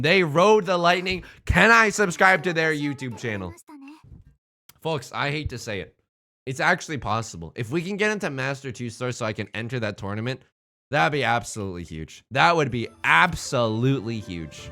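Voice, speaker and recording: A man's voice: mid-range voice, moderate pace. A man streaming a game live, commenting casually with jokes and rambling asides. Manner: joking, animated, rambling asides.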